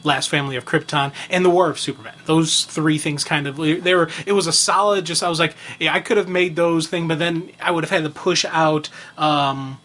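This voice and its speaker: A man's voice: on the high side, steady tone, a little fast, few pauses, bright, forceful tone. A man co-hosting a podcast in casual chat, talking with rambling enthusiasm and many fillers. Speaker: podcast co-host.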